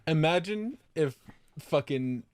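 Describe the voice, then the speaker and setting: Animated joking man on a podcast. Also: fairly high pitch, slow pace, dry recording. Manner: joking, swears a lot, jumps into silly quoted voices. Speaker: podcast co-host. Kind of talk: casual chat.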